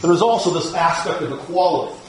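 Middle-aged guy preaching a sermon, slightly high voice, slow and deliberate with lots of pauses and uhs. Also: a little hiss or hum, poor audio. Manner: slow, deliberate Bible teaching with many pauses and fillers. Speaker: pastor.

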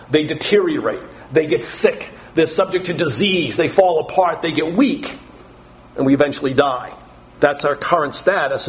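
A man preaching a sermon in the style of Bible teaching. He reads scripture slowly, then explains it in plain words, and his voice rises on the quoted verses. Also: a little high, low-quality recording.

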